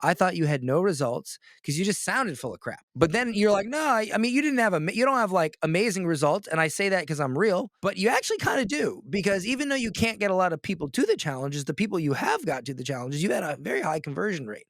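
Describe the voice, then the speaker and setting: A man from Florida coaches a client on a casual call. He talks in a blunt pep-talk style and keeps asking rhetorical questions. His voice sits high for a man and sounds dry and close. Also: sing-song, fast talker, few pauses, dry recording.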